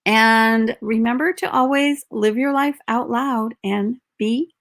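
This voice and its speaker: A woman's voice: a little high, steady tone, slow. Woman, podcast host, encouraging, upbeat, live-stream video call. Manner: encouraging, upbeat, gently prompting.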